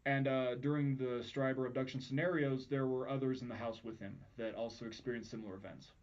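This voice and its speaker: A man's voice: medium pitch, steady tone, brisk. A man hosting a podcast, chatting casually with crude jokes, in muffled lo-fi audio. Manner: crude, joking banter. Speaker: podcast host.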